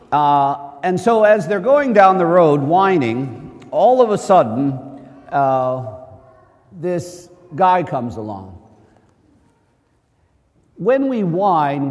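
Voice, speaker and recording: A man's voice: on the high side, very animated, slow pace, pauses often, a little mellow. A male priest giving a conversational sermon, full of rhetorical questions and joking asides. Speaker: Catholic priest. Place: church. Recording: long church reverb.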